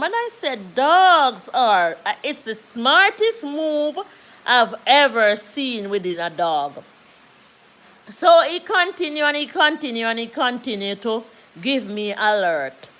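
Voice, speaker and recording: A Jamaican woman hosting a live stream, telling a long story in a high voice. She speaks slowly and without hurry, repeating phrases to drive a point home. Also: fairly bright tone, low-quality recording. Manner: unhurried, repeats phrases for emphasis.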